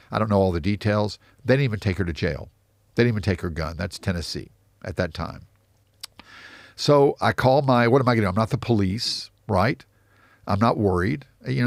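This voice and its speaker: A man from the United States, an interview guest who tells lively anecdotes full of quoted dialogue. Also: lowish voice, brisk, vocal fry, dry recording, studio quality. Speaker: real estate investor guest. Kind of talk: storytelling interview.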